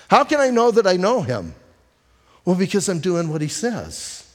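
Pastor preaching in a reverberant hall. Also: male voice, on the high side, wildly swooping pitch. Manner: conversational preaching with storytelling and rhetorical questions; emphatic, slows down on key phrases. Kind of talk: sermon. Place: church sanctuary.

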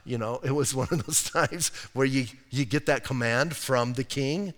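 A man's voice: medium pitch, moderate pace, a bit bright. A man preaching a sermon as pastor, in a conversational, folksy way with casual asides. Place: church sanctuary. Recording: long reverb of a church hall.

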